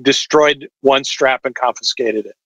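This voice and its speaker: A man's voice: mid-range voice, measured pace, fairly bright tone, no echo, low-quality recording. A man talking as a podcast guest over a video call, explaining at length with lots of fillers. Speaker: watch distributor guest. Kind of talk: casual podcast chat.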